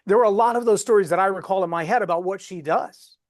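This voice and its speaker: A man coaching a live webinar on storytelling, folksy and animated as he walks through examples. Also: sits high, fast talker, no echo, studio quality.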